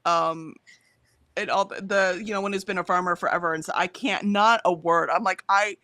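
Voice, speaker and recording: A woman's voice: on the low side, fairly even intonation, moderate pace, pushed and bright, no echo, clean studio sound. An American woman co-hosting a livestream in casual chat, reading out viewer comments and laughing often. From United States. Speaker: livestream co-host.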